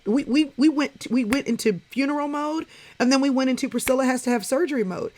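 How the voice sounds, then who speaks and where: A woman's voice: on the high side, quick pace. A woman hosting a casual live-stream chat, talking to viewers in an encouraging, preacherly way. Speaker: host.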